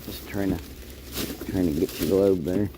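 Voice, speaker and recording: A man's voice: low voice, steady tone, normal speed. A man rambling casually and mumbling as he drives and picks through curbside scrap. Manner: rambling, self-deprecating, mumbly. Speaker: scrapper vlogger. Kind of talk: casual narration while driving and scrapping. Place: outdoors and in a vehicle, city streets. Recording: noisy outdoor street recording.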